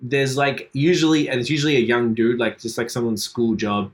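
A man's voice: medium pitch, little pitch movement, fairly quick. Swearing Australian man, casual podcast chat. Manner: laid-back, swears a lot, laughs often. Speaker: podcast co-host.

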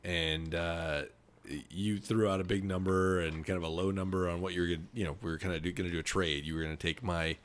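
Male guest, very deep voice, plain matter-of-fact talker. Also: fairly even intonation, brisk. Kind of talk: casual chat.

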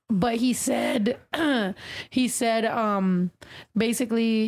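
A young woman co-hosting a casual chat, animated and profane, sometimes switching into Spanish mid-sentence. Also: a little high, takes it slowly.

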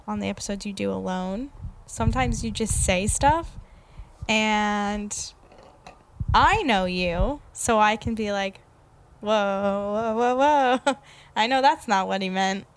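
A woman guesting on a podcast talks in a casual, unhurried way. Her voice sits at a middle pitch. She hesitates often and teases gently. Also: a little hiss or hum. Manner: hesitant, laughs often, teasing. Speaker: guest, host's partner. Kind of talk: casual chat.

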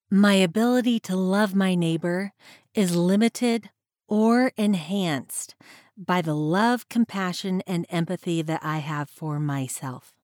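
A woman hosting a reflective faith-based podcast, speaking in a measured, earnest way and slowing down to read scripture. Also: medium pitch, a little mellow, no echo, clean studio sound. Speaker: podcast host.

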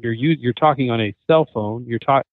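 A man chatting as a podcast guest, a lively storyteller who slips into the voices of people he quotes. His voice comes through a thin, narrow line that sounds like a phone call. The sound is dry and close, with no room around it. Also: mid-range voice, a little fast, no room sound. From Southern California. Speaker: podcast guest, hunter and chef. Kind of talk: casual conversation.

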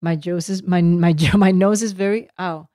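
A woman co-hosting a casual chat, talkative and quick to laugh. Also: fairly low pitch, steady tone, mellow, no echo, clean studio sound. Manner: chatty, laughs easily, self-deprecating. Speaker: podcast co-host.

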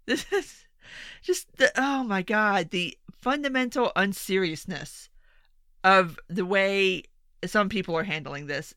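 A woman delivering an opinionated rant, exasperated and sarcastic, with frequent swearing. Her voice is bright and smooth, recorded close with a dry sound. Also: medium pitch, slow pace, no room sound. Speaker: commentator.

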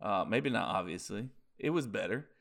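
A man's voice: lowish voice, lively intonation, moderate pace, creaky, fairly bright tone. A man co-hosting a casual podcast, laid-back and hesitant as he weighs his opinions. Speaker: podcast co-host.

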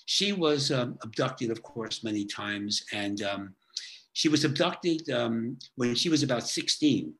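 A man's voice: mid-range voice, lively intonation, a little slow, a bit bright. Chatty man telling case stories. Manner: chatty, keeps tagging "okay?" and "right?". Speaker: guest, author and therapist. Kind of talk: storytelling in a podcast interview.

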